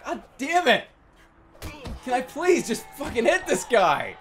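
A man commentating his gameplay with loud, exasperated ranting. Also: extremely high pitch, huge pitch swings, unhurried, long pauses, soft background music. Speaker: streamer.

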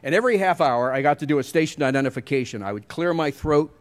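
A man's voice: fairly high pitch, quick pace. A middle-aged man giving a commencement speech, telling wry, self-deprecating stories at a podium mic. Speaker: commencement speaker.

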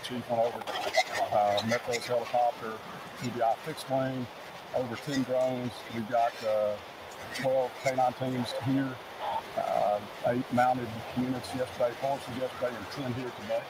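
A man, an emergency management director, giving a steady press briefing outdoors, listing resources with frequent restarts. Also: mid-range voice, measured pace. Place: outdoors at a search site. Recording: outdoor briefing with loud background noise.

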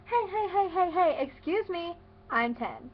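A woman's voice: fairly high pitch, steady tone, slow pace, highs cut off, slight background noise. A young woman imitating an indignant, whiny ten-year-old boy gamer.

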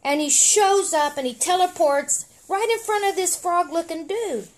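A woman's voice: very high-pitched, normal speed. A middle-aged woman reading a comic aloud on a podcast with chatty, wry asides. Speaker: podcast co-host reading a story.

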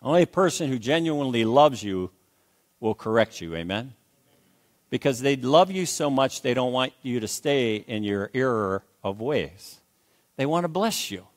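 A man's voice: medium pitch, expressive, normal speed. An older man preaching a sermon as pastor, emphatic, repeating phrases and calling for amens.

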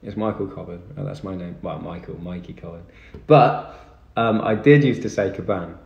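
A man's voice: sits low, normal speed, creaky, darkish tone, dull audio. A young man chatting casually on a live stream, thanking viewers and answering their comments. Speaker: livestreamer. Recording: echoey room with music behind.

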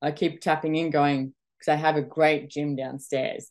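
Low-voiced chatty woman host. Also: normal speed. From Australia. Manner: chatty, animated, full of quoted self-talk. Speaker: podcast host. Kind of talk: motivational talk to an audience.

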